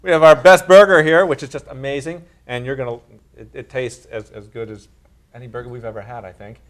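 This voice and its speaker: A man's voice: medium pitch, fairly even intonation, brisk. A man, a chef co-hosting a cooking show, talking up the food with enthusiasm. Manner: chatty, enthusiastic with restarts. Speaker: chef and co-host. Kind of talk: casual studio chat.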